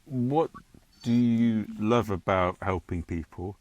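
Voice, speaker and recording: A man's voice: on the low side, takes it slowly, darkish tone, no room sound. A man hosting a podcast, asking long, meandering interview questions. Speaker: podcast host.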